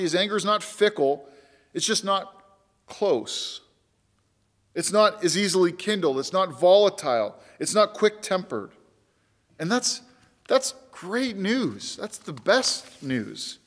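A pastor delivers an earnest, emphatic sermon, repeating key words to give them weight. His high-sitting voice is a bit bright and carries the big-room sound of a church sanctuary.

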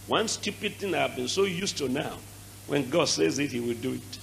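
A middle-aged man with a Nigerian accent preaching a sermon, animated, with sudden shouted bursts and dramatic drops in volume. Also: on the high side, brisk, vocal fry, slight background noise, rough recording. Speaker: archbishop.

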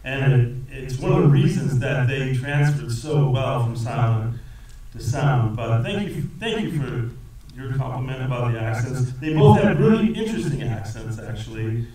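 A man answering audience questions as a film actor at a cinema Q&A, talking in a rambling, lively way and laughing often. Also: mid-range voice, moderate pace, crowd noise. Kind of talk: conversational Q&A answers. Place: cinema auditorium. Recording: echoey theater from a distance with audience.

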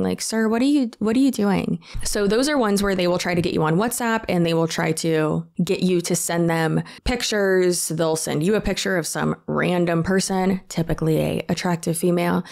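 A young woman in her twenties talking to camera as an online creator, telling stories in a casual, animated, jokey way. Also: fairly low pitch, normal speed, vocal fry. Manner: animated, jokey, reads out texts in a sarcastic voice.

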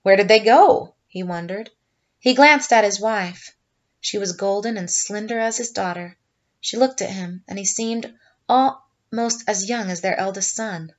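Female teacher narrator, mid-pitched, slightly muffled recording. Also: unhurried. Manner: steady storyteller narration. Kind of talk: story reading.

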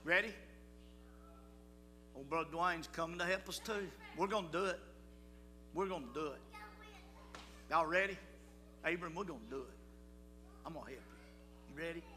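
Pushed and bright, the older man's fairly high voice moves at a moderate pace, broken by long pauses. He leads a children's church assembly in a church hall, folksy and coaxing as he calls out to the crowd; hall reverb and music fill the recording.

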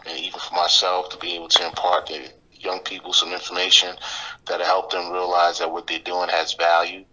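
Middle-aged man, podcast guest, low voice, sharp bright tone, reflective and motivational in casual interview talk. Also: rough recording. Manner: reflective, motivational, many "you know" fillers.

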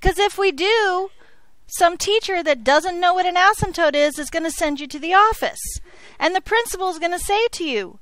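With an extremely high, slightly bright voice at normal speed, a woman lectures her high school algebra class, joking around and frequently asking "okay?" to check in. The recording has no room sound.

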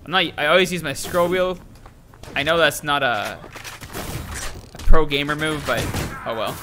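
A man's voice: on the high side, moderate pace, background noise. A young man giving casual let's-play commentary, talking to himself and viewers, yelping and laughing as he plays. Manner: excitable, talks to himself and viewers while playing, yelps and laughs. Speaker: gaming YouTuber.

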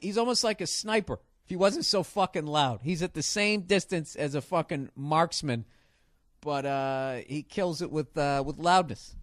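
A man hosting a podcast, telling a profane, rambling comedy story with loud, excited outbursts. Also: on the high side, no room sound, clean studio sound. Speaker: podcast host. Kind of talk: casual comedic monologue.

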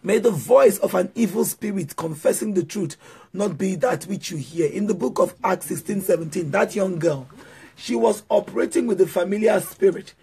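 Sing-song preaching man, high voice. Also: normal speed, gravelly, dark tone, breathy edge. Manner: sing-song chanted declarations, repetitive call-and-response prompts. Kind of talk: sermon prayer.

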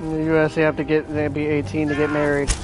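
A young man from the United States commenting on a video game he is playing, excitable and prone to shouting and laughing. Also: a little high, fast talker, over music. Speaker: gaming streamer. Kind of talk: let's play commentary.

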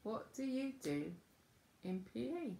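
A woman teaching children school signs, gentle and patient, naming each word with pauses. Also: on the high side, big pitch swings, creaky, reverberant. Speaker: children's sign language presenter. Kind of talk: slow teaching talk to children.

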